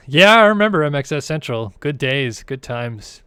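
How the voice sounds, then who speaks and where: A man's voice: on the high side, very animated, measured pace, creaky, pushed and bright, smooth, no room sound. A man casually commentating a racing game stream in a rambling, laid-back, chatty way.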